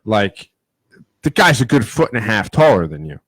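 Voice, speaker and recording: A man's voice: fairly low pitch, big pitch swings, moderate pace, fairly bright tone, no echo. A man co-hosting a casual podcast chat, joking and talking over the others. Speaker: podcast co-host.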